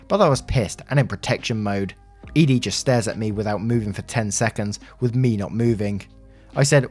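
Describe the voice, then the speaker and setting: A man reading a first-person story aloud in a steady, earnest narrating manner. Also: lowish voice, fairly quick, husky. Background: faint music.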